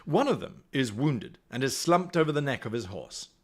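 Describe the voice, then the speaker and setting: A man's voice: mid-range voice, very animated, normal speed. A man acting as game master, reading a solo gamebook aloud on a live stream and chatting with viewers. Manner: chatty, talks to the stream chat, reads passages aloud.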